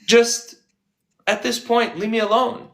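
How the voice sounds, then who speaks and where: A man's voice: extremely high pitch, little pitch movement, measured pace, a bit bright. A man speaking as an activist, telling stories with sarcasm and acting out the voices of people he quotes. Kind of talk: impassioned conversational storytelling.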